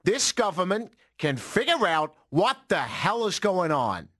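A man putting on a blustery older American politician, with a husky, put-on American accent. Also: high voice, sing-song, unhurried, a bit bright, no room sound, clean studio sound, voice pushed up, heavily acted. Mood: blustering. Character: blustery older male politician, bragging and brash.

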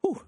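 A British man hosting his own show, doing a self-mocking comic rant that keeps jumping up into a high squeaky voice. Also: dry recording, clean studio sound. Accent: British English. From Britain. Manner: exasperated, self-mocking, jumps into a high squeaky voice when riled. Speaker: show host. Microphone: webcam setup.

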